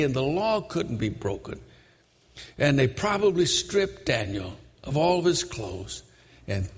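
An older man preaching a sermon, telling the story dramatically and shouting high when he voices its characters. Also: slightly rough. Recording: long reverb of a large hall.

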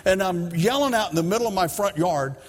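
A man's voice: high-pitched, lively intonation, a little fast. A middle-aged man preaching a sermon, telling a story and acting out his own side of the dialogue with emphasis. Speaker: pastor. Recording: long reverb of a large hall.

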